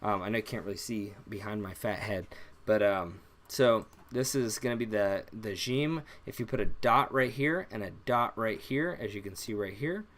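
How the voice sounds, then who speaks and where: A young man teaching an alphabet lesson on a live stream, relaxed and rambling, with many fillers and self-corrections. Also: on the low side, normal speed. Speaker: language teacher.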